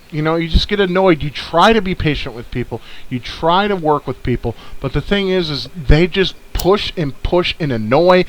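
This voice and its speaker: A man's voice: fairly high pitch, poor audio. A man from Ohio co-hosting a podcast, telling stories in casual, profane chat. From Ohio, United States. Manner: profane storytelling, laid-back. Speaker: podcast co-host.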